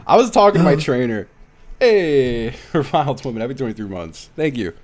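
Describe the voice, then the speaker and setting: A man's voice: mid-range voice, moderate pace. A man chatting casually on a live game stream, telling stories with lots of laughter. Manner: animated storytelling with frequent laughs. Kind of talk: casual live-stream chat while gaming.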